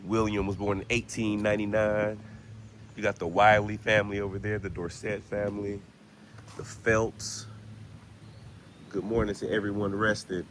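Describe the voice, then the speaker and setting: A man's voice: fairly low pitch, flat delivery, moderate pace, pauses often, a bit bright, slight background noise. A man hosting a paranormal vlog outdoors in a cemetery, chatting in a laid-back way and laughing often. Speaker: paranormal vlogger. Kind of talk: casual spoken vlog.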